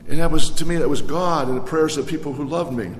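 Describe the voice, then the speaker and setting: A man preaching a sermon as a pastor, in a conversational, animated storytelling way. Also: a little high, quick pace, reverberant, in a large hall.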